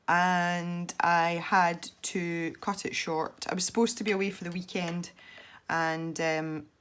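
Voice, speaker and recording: A young woman with a congested, stuffy voice, chatting softly as she narrates her colouring. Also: on the low side. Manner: soft-spoken, chatty and self-deprecating. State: congested from a head cold. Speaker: colouring video host. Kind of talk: relaxed colouring commentary.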